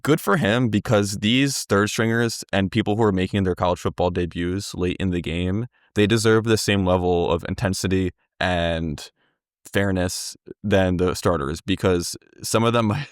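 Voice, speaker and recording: A man's voice: deep voice, normal speed, dry recording, studio quality. A young man co-hosting a casual sports podcast, making his points in an earnest, emphatic, rambling way. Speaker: podcast co-host.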